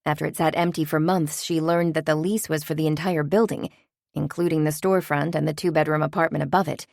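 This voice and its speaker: A woman narrating a novel in a steady, even audiobook reading. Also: sits low, fairly quick, vocal fry, no room sound, clean studio sound.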